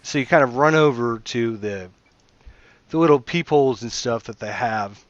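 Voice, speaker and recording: A man's voice: mid-range voice, normal speed, no echo. Casting: laid-back male game master, rambling narration, dull lo-fi sound. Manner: relaxed, rambling with fillers.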